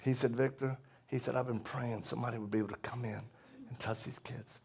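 A middle-aged man preaching a testimony sermon to a live audience, laughing often and swinging from loud outbursts to hushed tones. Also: mid-range voice, little pitch movement, quick pace, vocal fry.

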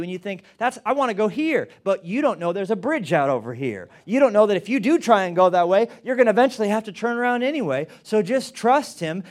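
A middle-aged man preaching a sermon as pastor, animated, often repeating words as he stresses a point. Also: high voice.

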